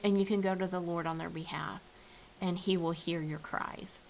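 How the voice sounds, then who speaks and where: A woman's voice: lowish voice, steady tone, moderate pace, gravelly, darkish tone, a little hiss or hum, rough recording. Earnest woman giving a homespun devotional. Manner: earnest, repeats and restarts words. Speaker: church devotional speaker. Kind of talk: informal devotional message. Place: at home, with her dog nearby.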